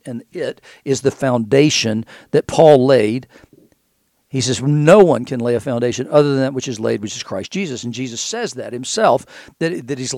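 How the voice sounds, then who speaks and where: A man's voice: medium pitch, a little mellow, no echo, studio quality. A man preaching a conversational sermon, reading scripture aloud and explaining it, often repeating words as he thinks.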